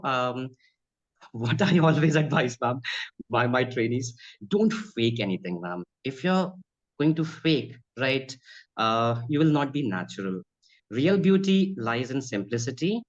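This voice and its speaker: Earnest man. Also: medium pitch. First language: Bhojpuri. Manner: earnest, advisory, keeps addressing her as ma'am. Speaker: spoken English and accent trainer. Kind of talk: conversational interview answers. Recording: slightly dull lo-fi audio.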